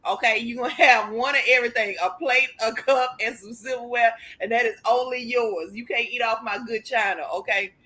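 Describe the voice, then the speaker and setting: A woman's voice: fairly high pitch, fairly even intonation, a little fast, hardly any pauses, sharp tone. A woman in her twenties co-hosting a casual talk show, scolding and exasperated. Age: 20s. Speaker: podcast co-host. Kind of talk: casual chat.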